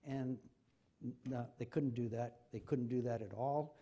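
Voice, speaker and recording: A man's voice: mid-range voice, a little slow, mellow, breathy edge. An older man, a senator, speaking with passion in a forum conversation and repeating himself when stirred. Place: university forum hall.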